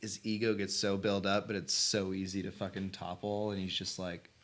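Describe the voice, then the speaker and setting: A man's voice: low voice, little pitch movement, moderate pace, a bit bright. A young man co-hosting a podcast, chatting loosely about a film and swearing often. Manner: loose, swears a lot, acts out quotes. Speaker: podcast co-host. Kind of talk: casual film discussion.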